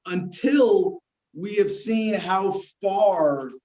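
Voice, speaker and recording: American guy guesting on a livestream, kinda high voice, teasing and dry. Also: very slow, mellow, low-quality recording. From United States. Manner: teasing, wry, speaks in long sentences. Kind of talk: casual livestream chat.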